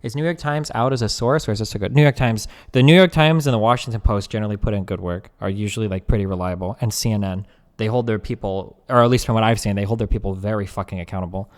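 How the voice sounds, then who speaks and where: A young man doing casual live-stream commentary, reading text aloud fast and breaking off to chat, joke and swear. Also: fairly low pitch, steady tone, long reverb tail.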